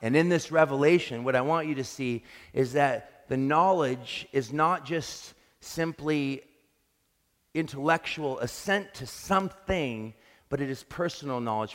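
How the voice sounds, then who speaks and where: Earnest male preacher in a reverberant hall. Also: medium pitch. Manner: earnest, reflective preaching with restarts. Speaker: pastor. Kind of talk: sermon. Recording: long reverb of a large hall.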